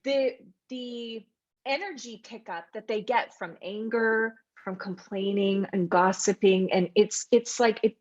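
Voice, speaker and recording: A woman's voice: medium pitch, a little slow, a little mellow, muffled recording. A woman co-hosting a podcast, chatting casually in a reflective, hesitant way and laughing often. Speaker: podcast co-host. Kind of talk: casual chat.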